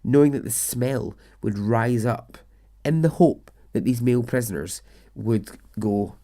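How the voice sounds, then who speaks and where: With a warm, medium-pitched voice and an unhurried pace, a male podcast host casually narrates a true story. He's chatty, swears occasionally, and laughs at the absurd bits.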